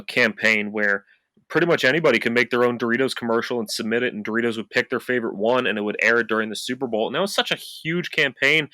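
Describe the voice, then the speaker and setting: Guy cohosting a podcast, bright forceful voice, dry close mic, chatty and rambly. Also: medium pitch, no room sound. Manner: upbeat, rambling with fillers. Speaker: podcast co-host. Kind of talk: casual chat.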